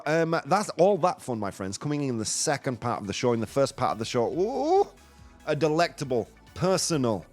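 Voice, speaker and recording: Playful male host with lively pitch. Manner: playful, joking, drops in Spanish phrases. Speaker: radio show host. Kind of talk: casual live morning show chat.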